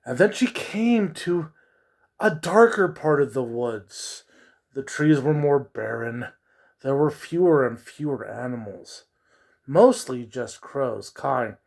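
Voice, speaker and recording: A man telling a spooky story in a slow, drawn-out, hushed dramatic delivery with a soft, husky voice. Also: mid-range voice.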